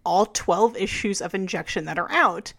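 A woman's voice: medium pitch, moderate pace, fairly bright tone. A woman co-hosting a podcast, talking frankly and chattily with lots of "like" and restarts. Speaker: podcast co-host. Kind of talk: casual podcast chat.

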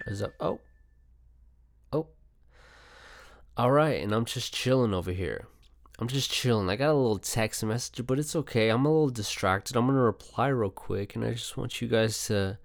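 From a home setup in Arizona, a young man hosts a solo podcast, chatting casually in a loose, profane, rambling style. His voice is fairly low and creaky, in a dry, studio-quality recording.

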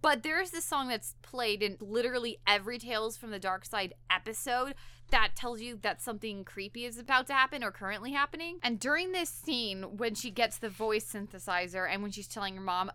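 A woman's voice: on the high side, moderate pace, smooth. A young woman co-hosting a podcast, retelling an episode in casual chat and acting out the characters' lines as she goes. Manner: animated, acts out characters' lines while retelling. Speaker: podcast co-host.

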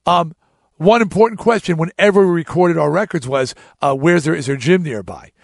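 A man's voice: fairly high pitch, brisk, vocal fry, no room sound, clean studio sound. A middle-aged man telling a casual story to his listeners in a blunt, profane way, with many restarts. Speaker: podcast host.

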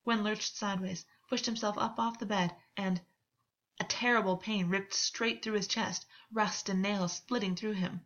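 A woman reading fan fiction aloud, with calm, steady storytelling. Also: medium pitch, normal speed, dull audio. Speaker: audiobook reader.

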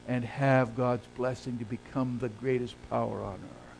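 A male pastor preaching a sermon, swelling loud and high on key phrases and then sinking low and quiet. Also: fairly even intonation, normal speed, creaky, a little hiss or hum, low-quality recording. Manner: preaches with big swells in pitch and volume, then drops low.

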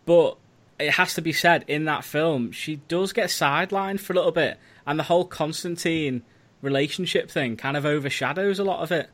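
A man from Wales co-hosting a podcast in casual chat, chatty and quick to laugh. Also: a little high, fairly bright tone. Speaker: podcast co-host.

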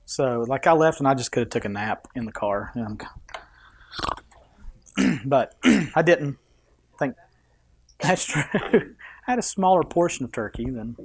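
A man's voice: medium pitch, expressive, a little slow, long pauses, slightly rough. A man preaching a sermon in a conversational, joking manner to his congregation. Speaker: pastor.

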